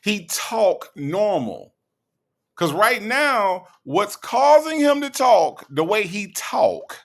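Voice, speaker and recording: Man, gravelly voice, sarcastic reaction commentary, slow mocking delivery. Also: sits high, a bit bright. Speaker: commentary host.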